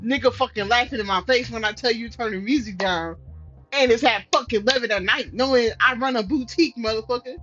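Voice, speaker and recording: A woman with a fairly high voice reacts loudly to a story game, swearing and trash talking with lots of energy. The audio sounds slightly dull, with faint music underneath. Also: fast. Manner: loud, profane, animated trash talk with laughter. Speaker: gaming streamer.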